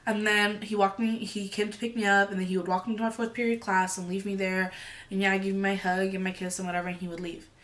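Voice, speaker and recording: A woman's voice: mid-range voice, little pitch movement, fast, fairly bright tone. A young woman telling a story in a casual, chatty way, full of "like" and "you know", acting out what others said. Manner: acts out quoted lines in the story. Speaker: storytime vlogger.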